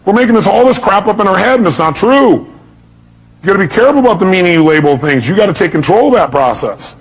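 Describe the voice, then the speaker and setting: A man's voice: high voice, animated, fast, breathy edge. A man giving a motivational speech to a live audience, emphatic and blunt, constantly firing rhetorical questions. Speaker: motivational speaker.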